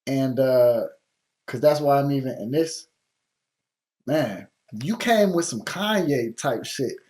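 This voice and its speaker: A man's voice: medium pitch, expressive, slow pace, darkish tone. A man hosting a show where he gives beat feedback, talking bluntly and casually with lots of slang and swearing while still encouraging the producer. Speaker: music producer host giving feedback on beats.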